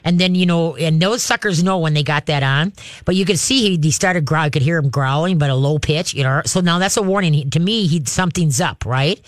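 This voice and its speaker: Chatty middle-aged man, slightly high voice. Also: a little fast, no room sound, studio quality. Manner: chatty, rambling, many "you know"s. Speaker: dog trainer. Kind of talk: call-in advice.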